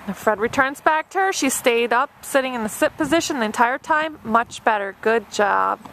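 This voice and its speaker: A woman's voice: a little high, animated, normal speed, fairly bright tone, a little hiss or hum. A woman dog trainer narrating an obedience demonstration step by step, with a patient and encouraging manner. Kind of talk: instructional narration.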